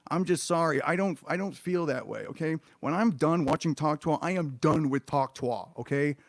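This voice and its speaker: A man's voice: a little high, moderate pace, dry recording. A man streaming a reaction, ranting in an exasperated, sarcastic, profane way about what he watches.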